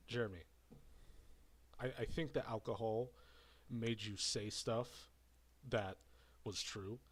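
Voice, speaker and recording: A man with a fairly low voice runs a loose commentary rant. He rambles and circles back over the same words. He sounds a little breathless, having just had a drink. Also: steady tone, takes it slowly, slightly rough. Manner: rambling and repetitive. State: slightly out of breath after drinking. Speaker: commentary streamer. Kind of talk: casual ranting commentary.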